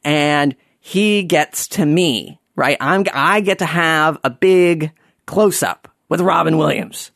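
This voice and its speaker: A man's voice: slow, gravelly, no room sound, clean studio sound. Sarcastic man telling a comic anecdote. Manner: sarcastic, animated, swings between mumbled asides and high mock voices. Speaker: storyteller. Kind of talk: comedic personal anecdote.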